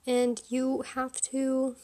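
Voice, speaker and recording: Give me a high-voiced young woman chatting frankly on her podcast. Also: completely flat delivery, slow, a little mellow. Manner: chatty, frank and opinionated, lots of fillers and laughs. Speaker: podcast host. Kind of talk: casual solo podcast chat.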